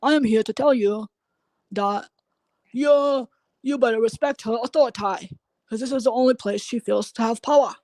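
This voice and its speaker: A self-important online troll with a high singsong voice, as a woman mimics her, announcing herself with puffed-up pride. The voice sits a few steps higher than the speaker's own and drifts back from the mic. It is delivered dry and close to a livestream rant. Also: normal speed, a little mellow, no echo, lightly acted. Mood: mocking.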